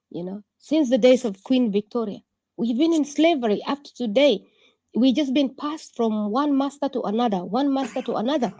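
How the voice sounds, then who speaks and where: A woman speaks urgently to an online audience, piling up rhetorical questions and repeating phrases for force. Her voice sits somewhat high yet sounds dark and mellow. The recording is dry and close, with no room around her. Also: no echo. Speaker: political activist addressing an online audience. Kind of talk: impassioned political speech.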